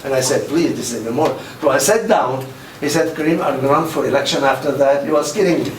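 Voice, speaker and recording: A man's voice: medium pitch, fast talker. An older man giving a public lecture, telling anecdotes and acting out the quoted dialogue with animation. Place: mosque hall. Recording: roomy, distant mic with faint noise.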